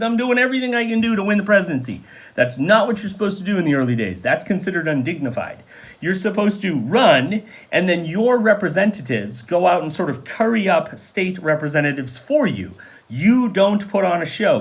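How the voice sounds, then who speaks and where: A man giving a conversational history lecture, animated and full of rhetorical questions to his students. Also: high-pitched. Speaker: history teacher.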